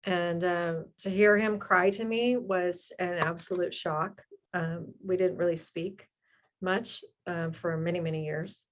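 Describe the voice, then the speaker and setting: Earnest middle-aged mother, lower voice. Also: fairly even intonation. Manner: earnest, halting, with fillers. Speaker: guest, mother of the speaker. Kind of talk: personal testimony.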